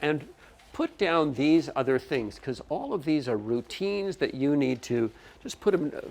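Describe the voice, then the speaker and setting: His pitch fairly high but his tone darkish, a teacher trainer lectures at a workshop with a very animated delivery at a measured pace. He explains points, checks in with "okay?" often, and frequently restarts and corrects himself.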